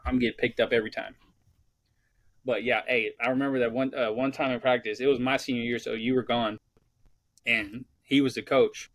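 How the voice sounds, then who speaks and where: A young man co-hosting a podcast tells profane stories in casual chat, animatedly acting out what people said. He speaks briskly in a mid-range voice, with no room sound.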